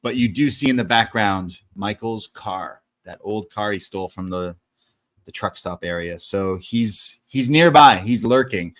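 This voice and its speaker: A man's voice: fairly low pitch, unhurried, fairly bright tone. A man co-hosting a casual movie review podcast, recapping the plot loosely with filler words and swearing. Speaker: podcast co-host.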